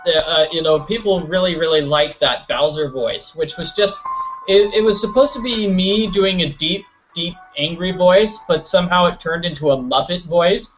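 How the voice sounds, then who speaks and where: A man's voice: on the high side, moderate pace, fairly bright tone, soft background music. Rambling lo-fi male let's play commentator. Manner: rambling, self-mocking, stammering restarts. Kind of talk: casual gameplay commentary. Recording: dull lo-fi recording.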